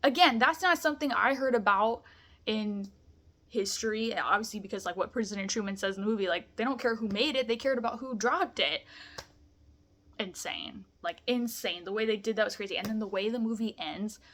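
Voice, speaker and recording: A woman's voice: medium pitch, a little fast, fairly bright tone. A young woman vlogging a film review, gushing in casual chat, full of "like" and "amazing".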